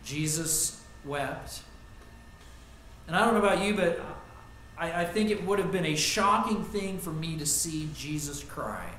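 Earnest preacher with a higher voice, echoey. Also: male voice, expressive, normal speed. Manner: earnest, swings from loud emphasis to quiet. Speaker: pastor. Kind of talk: sermon. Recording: echoey room with faint ambient noise.

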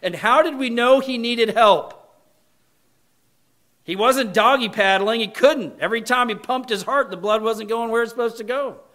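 Fervent high-voiced man preaching. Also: moderate pace. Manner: emphatic preaching, shifting between loud shouted points and quiet appeals. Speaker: pastor. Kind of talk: sermon.

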